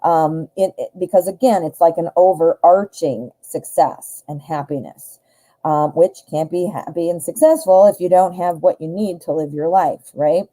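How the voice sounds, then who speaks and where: A middle-aged woman hosts a live-stream tarot reading in a chatty, easygoing way, talking straight to her viewers. Her voice is very dark and mellow and sits a little low, and she often laughs at her own jokes. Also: moderate pace, poor audio.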